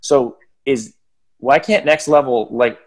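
A man's voice: medium pitch, slow. A man hosting a podcast, chatting in a rambling, playful way. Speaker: podcast host. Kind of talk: casual podcast chat.

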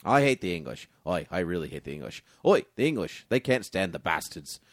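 A man voicing a gruff, blunt council minister who grumbles and curses. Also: low-pitched, big pitch swings, a little fast, dry recording, studio quality. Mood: grumbling. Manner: blunt, cursing.

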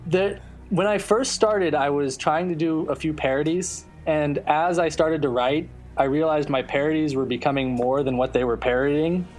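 A man's voice: on the high side, moderate pace, hardly any pauses, faint music behind. A young man chatting casually on a podcast about his webcomic, rambling with restarts. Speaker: webcomic artist guest.

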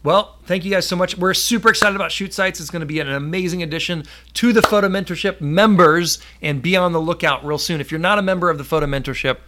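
An upbeat man hosts a casual live stream, chatting loosely with plenty of fillers. His voice is bright and forward, and he reads viewer comments aloud as he goes. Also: high voice, fast talker, few pauses, a little hiss or hum.

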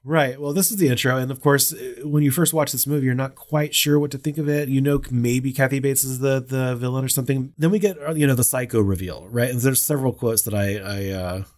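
A man co-hosting a podcast in casual chat. He sounds relaxed and talkative, with a voice of ordinary pitch for a man. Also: fairly quick, few pauses. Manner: relaxed, chatty, laughs while quoting. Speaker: podcast co-host.

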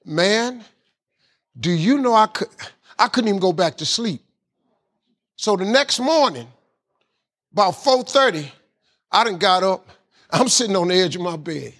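Husky high-voiced man telling stories. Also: a little slow, long pauses. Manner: animated, folksy, casual grammar. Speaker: guest speaker. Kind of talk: motivational storytelling.

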